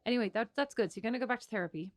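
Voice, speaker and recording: A woman's voice: a little high, very fast. An Irish woman co-hosting a podcast, chatting casually and rambling with self-interruptions and easy laughter. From Ireland. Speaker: podcast co-host. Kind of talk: casual chat.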